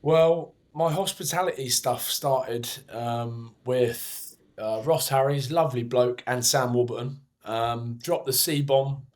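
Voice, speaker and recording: A man's voice: mid-range voice, takes it slowly, darkish tone. A young man co-hosting a podcast, hungover, telling rambling, self-mocking stories in casual chat. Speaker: podcast co-host.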